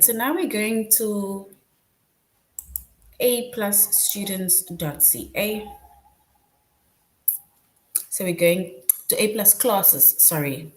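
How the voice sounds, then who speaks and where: Patient woman teacher, lowish voice. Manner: patient, repeats "right?" to check understanding; explains step by step with examples. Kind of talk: online class lesson.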